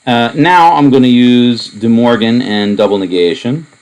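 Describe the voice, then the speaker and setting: A man lecturing on propositional logic, explaining in a relaxed, wandering way with many asides and fillers. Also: medium pitch, moderate pace, clean tone, poor audio. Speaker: math lecturer. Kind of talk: recorded lecture.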